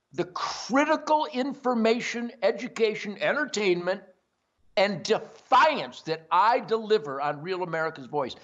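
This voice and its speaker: A man's voice: high-pitched, fairly bright tone, lo-fi sound. An older man hosting a show, talking in a brash, boisterous rambling monologue. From Detroit area. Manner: boisterous, brash, self-promoting. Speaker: host. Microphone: earpiece.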